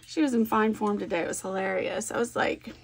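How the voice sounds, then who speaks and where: A woman chatting casually while she works on a scrapbook layout at home. She is animated, thinks aloud and laughs often. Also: mid-range voice, brisk. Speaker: scrapbooking vlogger. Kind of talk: casual chat while crafting.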